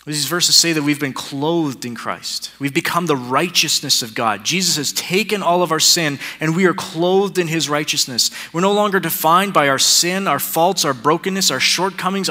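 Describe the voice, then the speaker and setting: Bright-voiced male preacher in a hall. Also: on the high side. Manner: casual, joking asides between building repetitions. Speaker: pastor. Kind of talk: sermon. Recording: long hall reverb.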